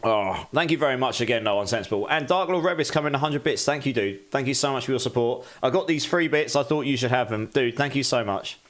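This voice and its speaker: A man chatting loosely to his live stream audience. His voice sits at an ordinary middle pitch, and he talks in a candid, chatty way, thanking viewers as he goes. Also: fast talker, few pauses, fairly bright tone. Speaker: game streamer. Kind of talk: casual live-stream chat.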